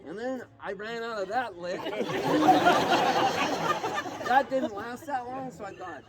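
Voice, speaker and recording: A high-pitched man spins a rambling story at an outdoor festival campfire jam. He laughs as he goes and slips into other people's voices. A loud crowd and heavy festival noise sit all around him. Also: takes it slowly. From Canada. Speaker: singer-songwriter telling a story. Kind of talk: animated onstage storytelling.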